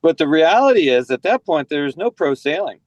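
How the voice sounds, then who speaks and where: Fairly high-pitched and sing-song, an American man in his forties from San Diego talks at a moderate pace as a podcast guest. His casual conversation rambles, with plenty of "you know" and restarts, and there's no echo.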